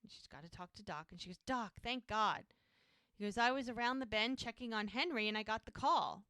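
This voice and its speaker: A woman's voice: a little high, lively intonation, fast talker, bright, forceful tone, no room sound. A woman co-hosting a podcast, retelling a TV episode in casual chat and acting out the characters' lines. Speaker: podcast co-host.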